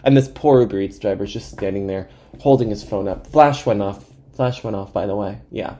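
Podcast host in his twenties, animated comic storyteller with a mellow voice, mocks himself and swears freely. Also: on the low side, moderate pace. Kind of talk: comedic storytelling monologue.

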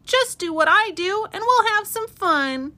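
A woman's voice: very high-pitched, expressive, unhurried, bright, forceful tone, pitched above the performer's own voice, exaggerated voice. A woman voicing a playful, mischievous squirrel in a read-aloud storybook. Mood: teasing.

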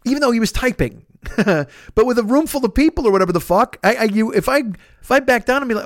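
A man hosting a podcast, telling a long story in a profane, rambling, animated way. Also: very high voice, fast, no room sound, clean studio sound. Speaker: podcast host. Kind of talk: casual storytelling monologue.

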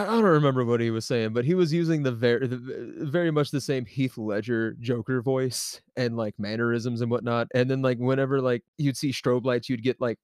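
Young male podcast co-host, lively, rambling storyteller, laughs a lot, dry voice. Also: medium pitch, dry recording. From American South. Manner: animated, laughs often, many fillers. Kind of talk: casual storytelling chat.

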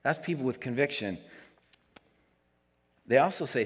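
A male pastor giving a conversational sermon, moving between quiet asides and emphatic declarations. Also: mid-range voice, animated, normal speed. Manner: conversational preaching, swings between soft asides and emphatic lines. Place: church sanctuary. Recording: long hall reverb.

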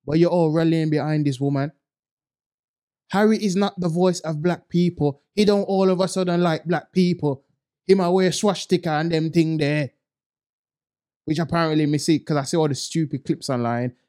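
A man's voice: fairly even intonation, normal speed, dark tone. Blunt ranting man. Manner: blunt, ranting, uses street slang; mocks others in high put-on voices. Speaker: podcast co-host. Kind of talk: casual podcast chat.

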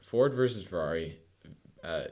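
A man co-hosting a casual podcast, rambling with fillers and bursts of excitement. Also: low voice, normal speed. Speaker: podcast co-host. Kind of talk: casual movie chat.

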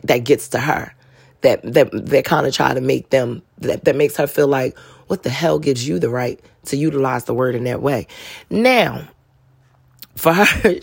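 Woman podcast host, low and husky, loose slangy storytelling, dry close sound. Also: no room sound. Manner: chatty, slangy, laughs through her stories. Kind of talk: casual storytelling monologue.

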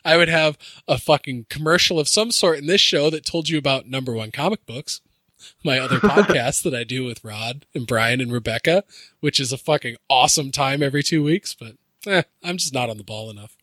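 A man's voice: medium pitch, fairly quick, pushed and bright, dry recording. A man hosting a podcast in casual chat, swearing a lot, laughing often and slipping into mock voices. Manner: profane, giggly, slips into mock voices. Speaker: podcast host.

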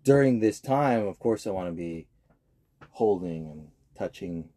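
Casting: young man, low mellow voice, slight husk, relaxed banter. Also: measured pace. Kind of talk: casual podcast chat.

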